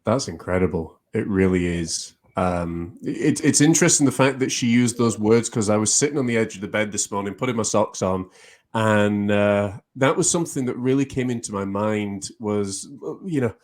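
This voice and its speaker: A man's voice: on the low side, normal speed, a little mellow. A man hosting an interview show, talking in a casual, rambling way with many fillers. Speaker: show host.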